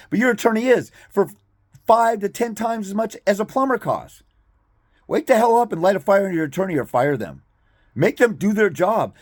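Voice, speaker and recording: A man's voice: on the high side, darkish tone, no room sound, clean studio sound. A man ranting bluntly and profanely to his viewers as a fathers' rights advocate, exasperated and confrontational.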